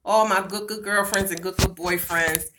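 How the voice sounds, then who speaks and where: A woman's voice: medium pitch, steady tone, moderate pace, music in the background. A middle-aged woman with a Baltimore accent, chatting sassily with viewers on a casual livestream vlog. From Baltimore, USA. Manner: sassy, chatty, calls viewers girl and child. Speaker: livestream vlogger.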